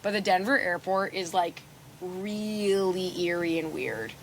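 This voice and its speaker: Woman podcast host, chatty, animated, faint background noise. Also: fairly low pitch, a little slow. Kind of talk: casual chat.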